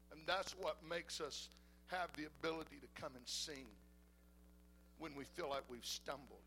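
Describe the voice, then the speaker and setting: A high-voiced male pastor with a gravelly edge, preaching a sermon. His tone is bright and forceful, and he swings between ringing declarations and hushed, close talk with the congregation. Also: a little hiss or hum, rough recording. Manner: shifts between loud preaching and soft intimate talk.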